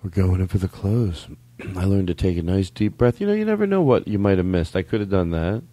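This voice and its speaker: A man hosting a comedy podcast in casual chat, jumping into high mocking voices as he riffs. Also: sing-song, quick pace, dark tone. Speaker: podcast host.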